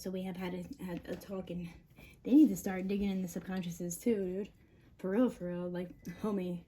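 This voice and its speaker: A woman's voice: medium pitch, mellow, a little hiss or hum. A mother venting on camera in a rambling monologue, swearing often, agitated and breaking into laughs between lines.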